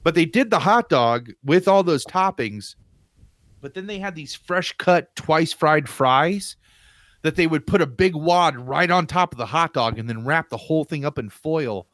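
A man in casual chat, telling an animated, rambling story from his home on a video call. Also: a little high, unhurried, no echo, studio quality. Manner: animated, rambling, laughs while telling stories. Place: home room with pinball machines.

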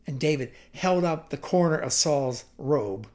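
A preacher retelling a story in a sermon, drawing it out and dropping to a hush for suspense. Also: male voice, on the high side, lively intonation. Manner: vivid, slows to a hush for suspense.

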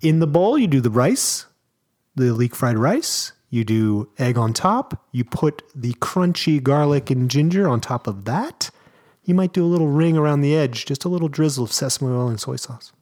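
A man's voice: mid-range voice, normal speed. A man co-hosting a podcast in casual chat, telling stories with enthusiasm and joking around. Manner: animated storyteller, enthusiastic, jokey. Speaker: podcast co-host.

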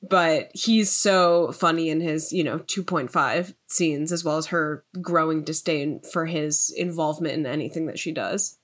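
Female co-host, somewhat low voice, enthusiastic casual chat. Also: unhurried, hardly any pauses. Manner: enthusiastic, chatty. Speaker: podcast co-host.

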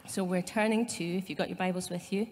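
A woman's voice: fairly low pitch, fairly even intonation, fast talker, darkish tone, big-room sound, a little hiss or hum. A woman pastor with a Scottish accent giving a conversational sermon, with asides to her congregation. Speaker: site pastor. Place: church.

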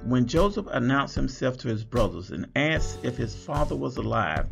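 A man's voice: mid-range voice, big pitch swings, normal speed, vocal fry, few pauses, music in the background. A man preaching a Bible study sermon, reading scripture aloud and explaining it, drawing out words for emphasis.

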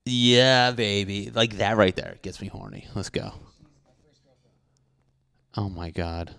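A young man reacting to a dating show clip in crude, excitable commentary, often swearing and acting out what people are thinking. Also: fairly low pitch, takes it slowly, creaky, clean tone, dry recording. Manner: excitable, swearing, mock-narrating others' thoughts.

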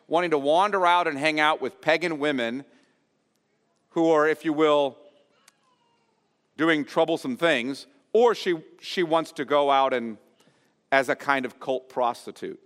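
A man preaching an expository sermon as pastor, earnest and explanatory, often pausing to restate a phrase. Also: a little high, fairly bright tone, clear, resonant tone, long reverb tail. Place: church sanctuary.

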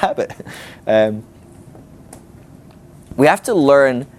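Lively, animated man teaching. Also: medium pitch. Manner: animated, conversational, acts out quoted inner voices. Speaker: ministry school teacher. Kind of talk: teaching talk to a class.

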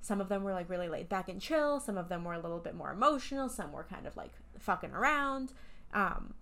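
A woman's voice: medium pitch, lively intonation, brisk, fairly bright tone. A woman co-hosting a podcast in casual chat, talking enthusiastically and candidly with some swearing. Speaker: podcast co-host.

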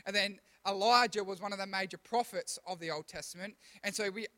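Youth pastor, high voice, chatty slangy preaching with lively retold dialogue. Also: male voice. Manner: slangy, animated storytelling with quick asides. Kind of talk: casual youth sermon.

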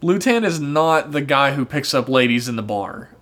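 A man's voice: medium pitch, animated, normal speed, a bit bright. A man co-hosting a casual podcast, recapping a TV episode with sarcastic, profane commentary. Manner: profane, sarcastic, acts out characters' lines. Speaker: podcast co-host.

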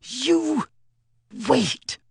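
A man reading a story aloud as expressive audiobook narration. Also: very high-pitched, extremely slow, vocal fry, no room sound, clean studio sound.

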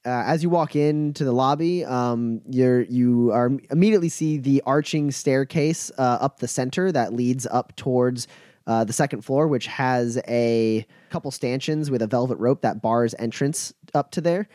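A relaxed male game master narrates a tabletop game, scattering "uh" through his scene-setting. He speaks at an average pitch, and the recording is close and dry with no room sound. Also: moderate pace, no echo. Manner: relaxed, full of fillers.

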